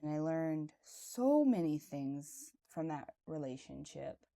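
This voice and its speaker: Female podcast host, low warm voice, candid confessional storyteller, casual and chatty. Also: sing-song, slow, vocal fry. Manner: casual and conversational, with frequent "like" and "right". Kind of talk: personal reflective monologue.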